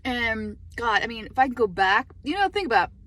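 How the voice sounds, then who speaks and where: A middle-aged woman talking casually to her phone camera from a parked car, chatty and animated, laughing often. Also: on the high side, fairly quick. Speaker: lifestyle vlogger.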